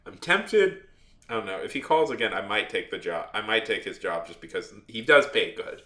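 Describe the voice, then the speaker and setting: A man's voice: lowish voice, very animated, moderate pace, pushed and bright, roomy sound. A man who works as a videographer tells a story in a casual, rambling rant, with many restarts and free swearing. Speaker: videographer and editor.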